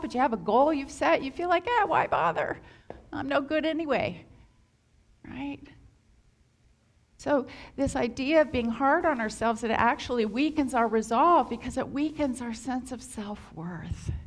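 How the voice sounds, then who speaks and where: A woman minister giving a sermon, earnest and warm in delivery, at times acting out the voices people use on themselves. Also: a little high. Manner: earnest, acts out quoted inner voices.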